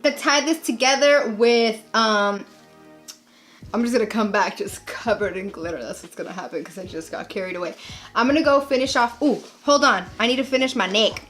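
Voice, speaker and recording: A young woman chatting casually through a makeup tutorial, bubbly and jokey, gasping with excitement over her products. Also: a little high, normal speed, soft background music. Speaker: makeup vlogger.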